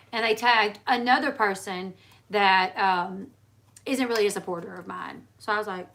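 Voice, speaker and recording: A woman's voice: medium pitch, pushed and bright. A woman hosting a casual livestream chat, telling rambling stories with many fillers and restarts. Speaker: livestream host.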